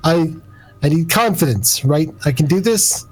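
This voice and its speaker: A man voicing an enthusiastic teenage superhero boy in a tabletop game, talking with eager excitement. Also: on the high side, unhurried, slightly rough, faint music behind, low-quality recording.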